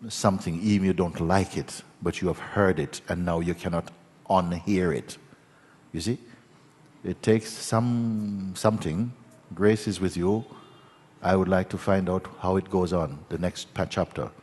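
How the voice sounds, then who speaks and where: A man who is a spiritual teacher, telling a story at a satsang in a gentle, meandering way, with many restarts and tag questions. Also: deep voice, a little slow, breathy edge. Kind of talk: satsang talk. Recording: long hall reverb.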